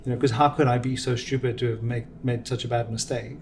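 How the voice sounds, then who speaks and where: Measured man explaining. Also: medium pitch, fairly even intonation, a little hiss or hum. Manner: measured, explanatory, gives examples. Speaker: venture capital guest. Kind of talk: reflective interview answers.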